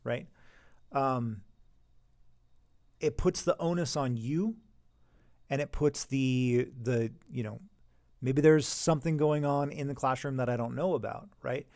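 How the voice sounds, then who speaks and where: Man, gravelly voice, mid pitch, conversational instructor, teacher-training talk. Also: measured pace, long pauses, no echo, studio quality. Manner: conversational, acts out calm talks with students. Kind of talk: instructional talk on classroom management.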